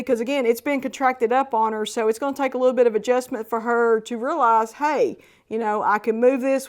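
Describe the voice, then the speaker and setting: Woman explaining horse care, practical. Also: high-pitched. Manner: plain practical explanation with fillers. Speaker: horse rescue caretaker.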